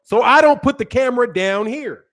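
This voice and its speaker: A man with a strikingly high voice hosts a boxing live stream. He talks loose and slangy, swears freely, laughs a lot and answers his chat. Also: normal speed, a bit bright. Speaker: boxing channel host. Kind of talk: casual live-stream commentary.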